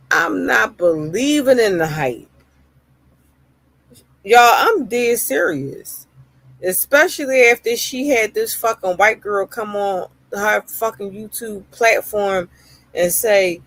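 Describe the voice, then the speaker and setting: A woman's voice: on the high side, lively intonation, unhurried, creaky, fairly bright tone, no room sound. A woman streamer ranting heatedly in live-stream reaction commentary, swearing often and repeating phrases for emphasis.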